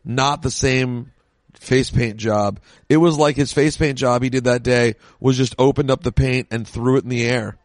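A man talking casually on a podcast while an old match plays, cracking jokes and drifting into rambling asides. His voice sits at an ordinary middle pitch. The sound is dry, with no room echo. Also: steady tone, normal speed. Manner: chatty, jokey, rambling asides. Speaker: podcast co-host.

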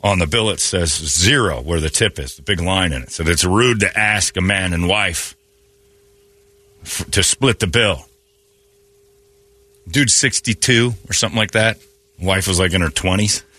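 A man hosting a morning radio show, telling stories in a jokey, animated way. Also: deep voice, measured pace, long pauses. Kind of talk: casual radio banter.

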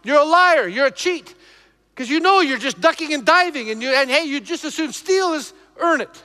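A male pastor preaching emphatically to his congregation, shifting between loud exhortation and low, intense passages. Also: expressive, moderate pace, in a large hall. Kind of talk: preaching a sermon.

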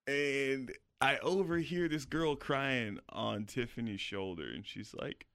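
A man's voice: medium pitch, takes it slowly, creaky, a bit bright, smooth, no echo, clean studio sound. Profane rambling comedian man. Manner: crude, profane, rambling anecdote. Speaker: comedian, podcast co-host. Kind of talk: casual podcast storytelling.

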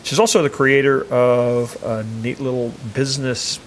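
A man hosts a podcast interview in a friendly, gently teasing way. He often stumbles and restarts his questions. A faint low hum sits under the recording. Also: steady tone, measured pace. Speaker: podcast host.

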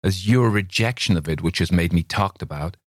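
A man with a low voice playing an eager young American woman who pleads her love in a raised, emotional voice. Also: brisk, no room sound, studio quality. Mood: pleading. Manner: breathless, imploring, emotional.

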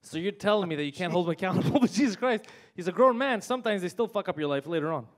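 A man with a fairly high voice talks quickly as host of a loose comedy chat. He tells anecdotes in a brisk, laughing way. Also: expressive.

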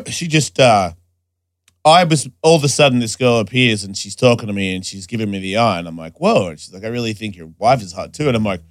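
A man in his forties, a podcast host, telling stories in crude, animated casual chat with loud voiced quotes. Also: lowish voice, a little fast, dry recording, studio quality.

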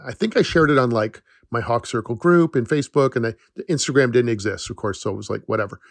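Gravelly-voiced man telling a rambling story. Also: mid-range voice, quick pace, no echo, studio quality. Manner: rambling, self-correcting, chatty. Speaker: podcast host, forest educator. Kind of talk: casual storytelling monologue.

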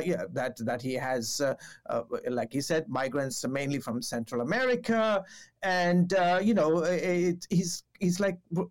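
In a casual podcast chat, a television reporter recounts a story, stumbling through fillers and restarts. He performs the quoted exchanges himself, raising his pitch to play the other people.

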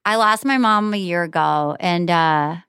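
A woman's voice: lowish voice, measured pace, fairly bright tone, clean tone, dry recording, clean studio sound. A woman author chatting as a guest, rambling and swearing freely, calling people "dude". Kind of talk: casual chat.

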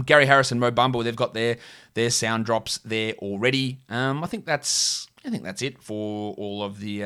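In a bit of a bright, mid-range voice, an Australian man chats solo on his podcast. The talk wanders and jokes along as he thinks aloud, full of fillers.

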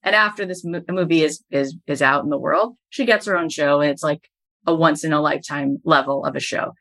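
A middle-aged woman who hosts a podcast and works as a business coach is a guest in an interview, telling stories and building each anecdote to its punchline. Her voice is low, brisk, and a bit bright.

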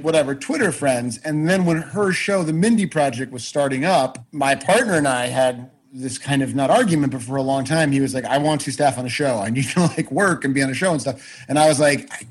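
A man with a slightly husky voice tells a long personal story as a podcast guest. He talks in an animated, loose way, swears freely and restarts his sentences often. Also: a little high, poor audio. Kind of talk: casual storytelling chat.

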